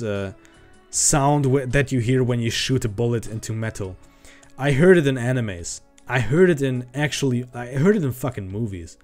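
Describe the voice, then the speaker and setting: A man's voice: mid-range voice, a little mellow. A man chatting on a livestream in a casual, profane, ranting way that grows heated. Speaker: streamer. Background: faint background music.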